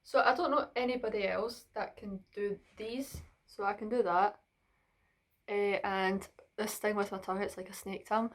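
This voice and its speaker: Slightly out of breath, a young vlogger talks through a casual Q and A she's recording on her phone in her bedroom, rambling chattily and using fillers. She speaks at normal speed, with medium pitch and fairly even intonation.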